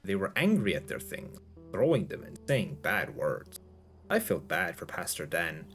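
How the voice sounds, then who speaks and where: A man's voice: low-pitched, sing-song, measured pace, a bit bright, soft background music, heavily acted. A man voicing a young woman with a child's mind who speaks in short, simple, childlike sentences, read aloud as a story. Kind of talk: audiobook-style reading.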